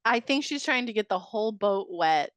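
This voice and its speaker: A woman's voice: mid-range voice, lively intonation, normal speed, no echo. A woman co-hosting a podcast, making sarcastic, wry remarks about a movie. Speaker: podcast co-host. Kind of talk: casual chat about a movie.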